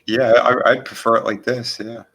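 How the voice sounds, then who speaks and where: A man's voice: mid-range voice, little pitch movement, normal speed, sharp tone, slightly rough. A man co-hosting a chat and joking around in friendly, teasing banter.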